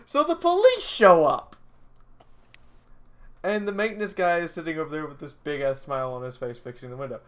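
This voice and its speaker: A woman streamer telling a story in a casual, animated way, often stammering, repeating words and laughing. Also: sits low, brisk.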